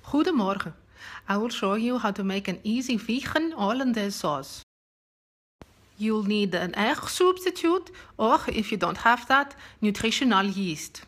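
A woman doing a cheerful Dutch woman with a put-on Dutch accent, loud and bright, measured and unhurried, cooking-show instructions. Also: medium pitch, animated, faint music behind. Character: cheerful Dutch woman friend presenting a sauce.

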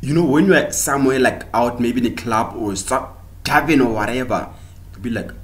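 Speaking a little fast in a mid-range voice, a comedian vlogger from South Africa rants mockingly to the camera. He lectures women in a comic way, mixing English with local languages.

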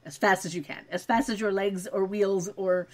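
A woman's voice: mid-range voice, fairly even intonation, normal speed. A woman co-hosting a podcast, recapping a TV episode in casual chat with wry asides. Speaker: podcast co-host.

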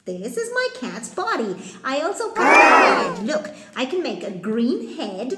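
A woman teaching a craft lesson to small children, speaking in a cheerful, sing-song way, slowly and clearly. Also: high-pitched, huge pitch swings, roomy sound, over a noisy crowd, very noisy.

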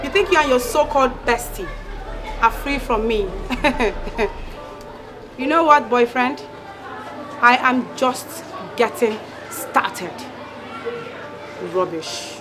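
A scheming young schoolgirl with a Nigerian accent, sassy and mocking. Her voice sits high and swoops as she needles. Film music and crowd chatter run beneath her. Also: lively intonation, slow, pauses often. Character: scheming young female student, sassy and manipulative.

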